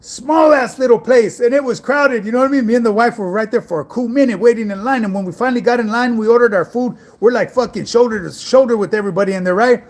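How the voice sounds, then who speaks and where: A man's voice: very high-pitched, fast talker, few pauses. A middle-aged man, an online fitness coach, chatting casually on a livestream and answering viewer messages in laid-back street slang.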